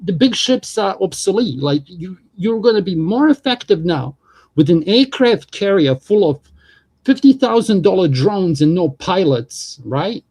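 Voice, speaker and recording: A man's voice: high voice, animated, unhurried, darkish tone, slightly rough. A man hosting a livestream, talking politics in a casual, profane, rambling way.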